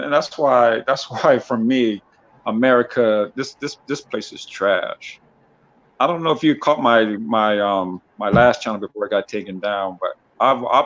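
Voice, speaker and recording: A man's voice: fairly low pitch, a bit bright. A man joining a livestream as a guest, talking bluntly and emphatically, with many restarts. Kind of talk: casual livestream chat. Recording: dull lo-fi call audio.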